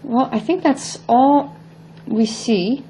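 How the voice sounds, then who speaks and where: A woman with a mellow, warm voice walks through a recorded French vocabulary lesson. She speaks English but switches to say French words and short phrases aloud, then explains them. Her tone is patient and explanatory. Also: high-pitched, takes it slowly, slight background noise. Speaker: French teacher.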